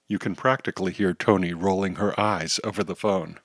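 A man giving scripted audio drama narration in a brisk, plain manner. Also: low voice, fairly even intonation, no room sound, clean studio sound.

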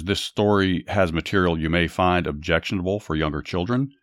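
Deep-voiced man narrating Bible stories. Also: no room sound, studio quality. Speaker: podcast host and Bible storyteller. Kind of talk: scripted Bible story narration and commentary.

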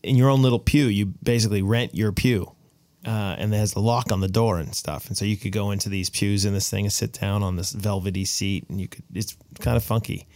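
A man on a podcast, casually recounting travel stories with animated delivery. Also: fairly low pitch, a little fast, hardly any pauses, no echo. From United States. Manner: animated storyteller, voices quoted people. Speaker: podcast co-host. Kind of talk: casual chat, storytelling.

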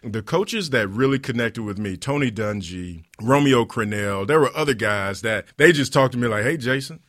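Guy hosting a podcast, super animated storyteller, voice jumps all over the place. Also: on the low side, moderate pace, dry recording, clean studio sound. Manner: animated storytelling, frequent laughter. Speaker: podcast host; former pro football player. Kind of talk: podcast conversation.

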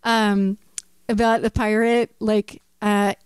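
A woman's voice: medium pitch, flat delivery, takes it slowly, clear, resonant tone, dry recording. A woman musician chatting in an interview, telling stories with lots of fillers and frequent laughter. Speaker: musician guest. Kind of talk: casual interview chat.

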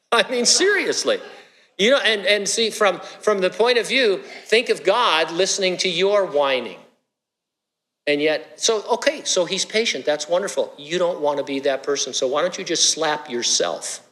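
Middle-aged guy preaching, kinda high voice, chatty and jokey, long echo in a church hall. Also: lively intonation, normal speed, a bit bright. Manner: conversational, joking asides to the congregation. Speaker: pastor. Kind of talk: sermon.

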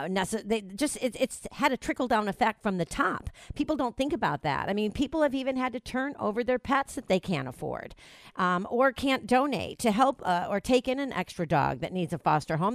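A woman's voice: medium pitch, very animated, brisk, no room sound. A woman hosting a talk show, chatting in a rambling way with many restarts and fillers. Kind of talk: casual talk show chat.

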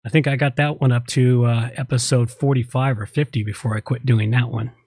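A man's voice: medium pitch, fairly even intonation, brisk, a little mellow, husky. A man hosting a podcast in casual chat, rambling and often restarting his sentences. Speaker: podcast host.

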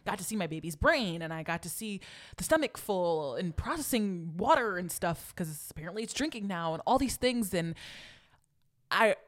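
A young woman with a somewhat low voice talks on a casual podcast. She rambles through a personal story with emotion, filling it with restarts and "you know"s. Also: animated, moderate pace. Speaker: podcast co-host. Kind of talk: casual chat.

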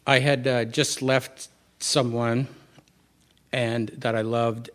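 A middle-aged man, a Buddhist teacher, giving a candid, conversational talk to a live audience and telling a personal story with frequent restarts. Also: medium pitch.

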